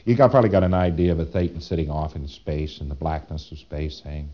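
A man's voice: extremely low pitch, brisk, hardly any pauses, dull audio. A man giving a lecture, speaking dramatically with rhetorical questions and acting out his examples. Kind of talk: recorded lecture.

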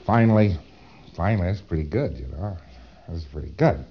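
A man's voice: animated, normal speed, breathy edge, muffled recording. A man acting out a brooding lost spirit that mutters and whispers to itself about a new goal. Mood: muttering. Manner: low, hushed muttering, sometimes whispered.

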